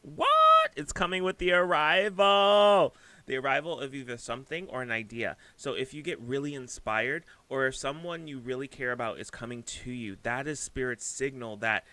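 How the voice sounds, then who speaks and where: Bright-voiced, gushing male tarot reader. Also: medium pitch, a little fast, hardly any pauses, no echo. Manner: effusive, gushing, excitable; rambling, searching for words. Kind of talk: casual tarot reading.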